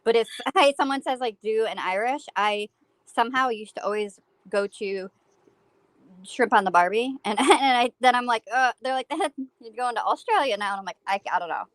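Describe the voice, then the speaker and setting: A woman's voice: on the high side, normal speed, a bit bright, no room sound. A woman guest on a live-stream panel, telling a story in a giggly, casual way.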